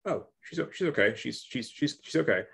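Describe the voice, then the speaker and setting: A young man co-hosting a casual movie review chat, talking in halting bursts full of restarts and repeats. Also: medium pitch, lively intonation, gravelly, fairly bright tone, breathy edge. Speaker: podcast co-host.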